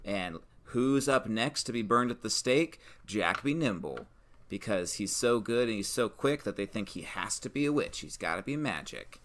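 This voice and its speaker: A man with a lowish voice co-hosts a relaxed brainstorming chat. He thinks aloud, hesitating and restarting phrases as he builds out his ideas. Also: normal speed. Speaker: podcast co-host.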